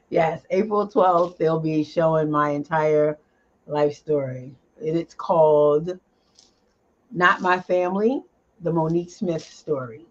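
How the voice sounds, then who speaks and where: Lively woman guest on a lo-fi call. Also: sits low. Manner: animated, laughs often, pauses with fillers. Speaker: interview guest, advocate. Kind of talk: casual interview chat. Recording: dull lo-fi audio.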